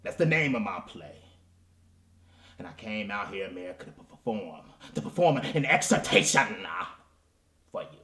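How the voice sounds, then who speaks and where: A man's voice: fairly low pitch, sing-song, moderate pace, pauses often, fairly bright tone, echoey room. A man playing a washed-up, self-pitying male soul crooner in a comedy character monologue, melodramatic and pleading, dropping at times into whispers. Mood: grandiose. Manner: melodramatic, pleading, addresses the audience, drops to whispers.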